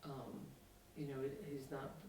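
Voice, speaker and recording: A man's voice: medium pitch, little pitch movement, unhurried, a little mellow, slight background noise. A man who works at a school speaks about his host child in a documentary interview, thoughtful and hesitant, with many fillers. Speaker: school staff member and Kenny's host parent. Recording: echoey room, mic at a distance.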